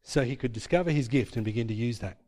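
A man's voice: medium pitch, fast talker, a little mellow. A man preaching a sermon as pastor, emphatic and repeating his points with tag questions. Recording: long hall reverb.

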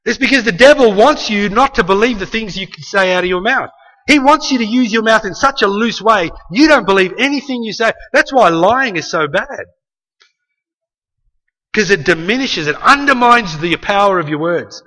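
A man's voice: sits high, expressive, normal speed, sharp tone. Emphatic preacher man in an echoing hall. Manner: emphatic, repeats key phrases, acts out quotes. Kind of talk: sermon. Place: church hall with a live congregation. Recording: long reverb of a large hall.

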